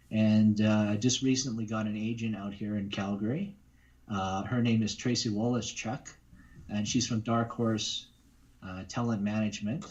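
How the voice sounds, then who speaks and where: A man's voice: lowish voice, darkish tone, dull audio. A man, a voice actor, talking casually in an interview, rambling with many fillers and restarts. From Canada. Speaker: guest voice actor.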